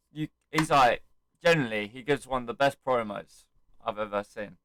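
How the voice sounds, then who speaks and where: A man's voice: medium pitch, moderate pace, fairly bright tone, no room sound, low-quality recording. A young man recapping an event he attended, telling it animatedly and acting out the quotes and chants. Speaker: wrestling fan vlogger. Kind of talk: excited casual recap.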